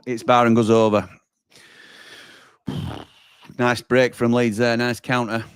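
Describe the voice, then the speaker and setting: A man's voice: medium pitch, level tone, slow pace, clear, resonant tone, no echo, clean studio sound. A man hosting a live football watchalong, chatting and reading out viewer comments. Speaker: watchalong host.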